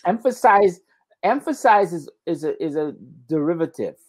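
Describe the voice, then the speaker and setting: A man tutoring English one-on-one, tired, explaining words patiently and repeating them slowly. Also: sits high, expressive.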